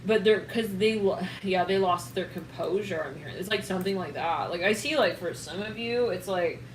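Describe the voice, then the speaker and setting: A woman giving a casual, excitable tarot reading to her viewers, rambling and trailing off and laughing often. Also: lowish voice, normal speed, reverberant, slight background noise, low-quality recording. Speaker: tarot reader.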